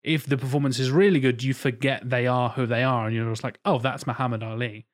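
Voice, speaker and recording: A man's voice: medium pitch, fairly even intonation, fast. A man co-hosting a podcast, chatting casually in a blunt, rambling way with plenty of swearing. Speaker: podcast co-host. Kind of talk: casual chat.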